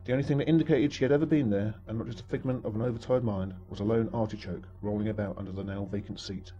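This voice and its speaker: Dry-humored storyteller, quick. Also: male voice, on the low side, steady tone, warm tone, muffled recording. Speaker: narrator. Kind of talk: storybook narration.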